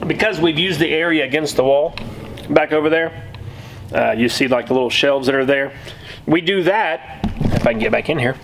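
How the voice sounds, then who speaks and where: Man co-host, store owner, slightly higher voice, practical explainer, faint shop noise. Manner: practical, explanatory, many "uh" pauses. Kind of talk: casual vlog talk. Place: inside a small retail store.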